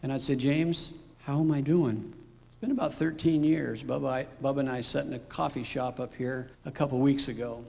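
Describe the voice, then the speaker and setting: A middle-aged father recounts his personal story in a gravelly, worn voice. He speaks in a reflective, unhurried way. A long, hall-like reverb trails behind his words. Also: medium pitch, fairly even intonation, darkish tone. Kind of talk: personal testimony.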